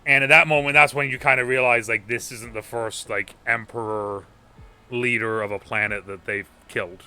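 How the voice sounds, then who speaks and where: A man's voice: medium pitch, steady tone, moderate pace, sharp tone, smooth. A man hosting a casual movie review podcast, rambling through a recap with lots of ums and acted-out quotes. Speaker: podcast host.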